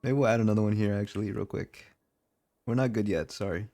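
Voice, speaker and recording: A man's voice: fairly low pitch, fast talker, dark tone. A man live-streaming a building game, chatting casually with his viewers and laughing often. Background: faint background music.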